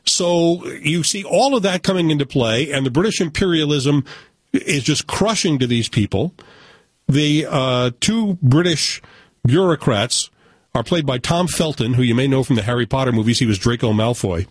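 Animated man reviewing films, husky voice. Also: medium pitch, moderate pace, no room sound. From United States. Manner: animated, opinionated, joking asides. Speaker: film critic. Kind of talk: casual film review chat.

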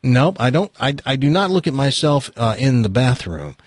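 A man's voice: medium pitch, very animated, normal speed, crowd noise. A male radio host from Tennessee, bantering in a teasing, mock-serious way with a caller from a studio. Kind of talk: casual radio chat. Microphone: studio microphone.

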